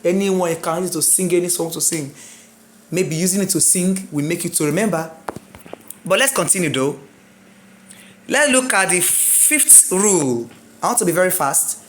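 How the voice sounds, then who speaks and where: A woman's voice: fairly low pitch, lively intonation, normal speed, long pauses, slight background noise. A woman with a Nigerian English accent teaching an exam-prep English lesson, spelling out letters and repeating words, asking and answering her own questions. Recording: echoey room.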